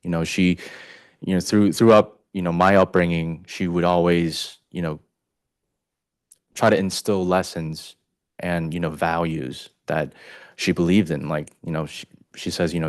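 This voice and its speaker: A man testifying as a witness in a courtroom, speaking haltingly with many "you know" fillers. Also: low voice, fairly even intonation, no room sound, clean studio sound.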